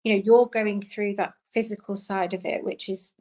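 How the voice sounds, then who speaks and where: A young woman telling a personal story as an interview guest, speaking softly and haltingly with many pauses and restarts. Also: mid-range voice, steady tone.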